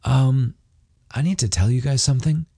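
A male audiobook narrator voicing a young man who jokes easily but turns nervous, in a raised, husky voice. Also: mid-range voice, normal speed, mellow, voice pushed up. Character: nervous young man, joking then tense. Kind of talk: audiobook character voice.

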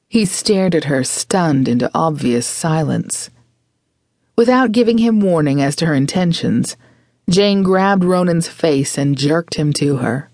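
Brief: woman audiobook narrator, measured and expressive, with a gravelly edge. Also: sits low, no room sound, clean studio sound. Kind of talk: scripted narration.

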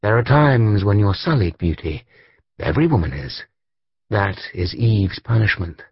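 A man narrating an audiobook in the first person, with a husky voice and an expressive delivery. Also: on the low side, a little slow, no room sound, highs cut off.

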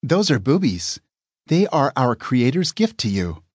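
A man's voice: medium pitch, big pitch swings, measured pace, slightly rough, no echo, clean studio sound, voice pushed up. A man voicing a prim, courteous young woman in an audiobook, speaking with formal phrasing. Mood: polite.

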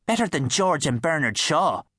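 A man's voice: on the high side, animated, measured pace, dry recording, clean studio sound, pitched above the performer's own voice. A man with an Irish accent voicing a tough, teasing little country girl in an audiobook. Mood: sly. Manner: teasing, scornful.

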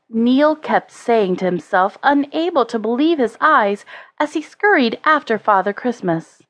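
A woman narrating a children's storybook in a slow, measured way. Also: on the high side, no echo. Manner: slow, expressive, measured reading. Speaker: audiobook narrator.

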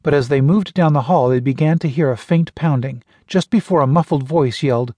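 A male narrator reading a science-fiction audiobook in a steady, even manner. His voice sits a little high for a man, and the booth sound is close and completely dry. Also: brisk, hardly any pauses, breathy edge, no echo. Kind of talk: scripted narration.

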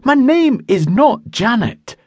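A male narrator voicing a hurt, bitter Highland woman in an audiobook. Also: big pitch swings, slow pace, mellow, no echo, heavily acted. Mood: indignant. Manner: reproachful, tearful.

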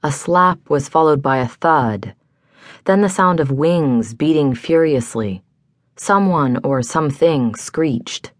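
A woman narrating a hardboiled mystery audiobook in a measured, deliberate first-person telling. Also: deep voice, no echo. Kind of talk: scripted narration. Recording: dry studio.

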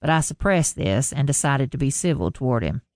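Gravelly woman narrating a romance audiobook. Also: rumbling low, expressive, a little fast, darkish tone, no echo, studio quality. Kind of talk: scripted first-person narration.

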